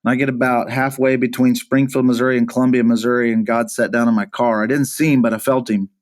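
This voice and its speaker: A man's voice: medium pitch, little pitch movement. Earnest man telling a personal story. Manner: earnest, halting, repeats words while recounting. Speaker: pastor, podcast guest.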